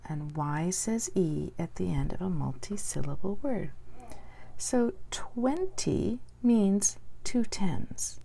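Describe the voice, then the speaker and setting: A woman's voice: fairly low pitch, gravelly, dark tone. A woman teaching a spelling lesson, patiently sounding out words letter by letter and asking the listener to repeat them.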